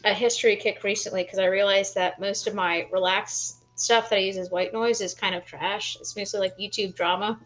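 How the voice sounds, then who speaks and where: A woman's voice: medium pitch, steady tone, fairly quick, few pauses, a bit bright, rough recording. A woman chatting as a guest on a livestream and telling a story earnestly and emotionally. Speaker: stream guest. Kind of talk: casual stream chat.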